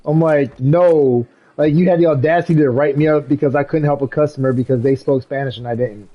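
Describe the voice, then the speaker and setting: A young man streaming a game, chatting casually and telling animated stories with frequent laughs and slang. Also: a little high, a little fast, muffled recording. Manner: animated storytelling, laughs often, swears, says "bro". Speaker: gaming streamer. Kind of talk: casual live-stream chat while gaming.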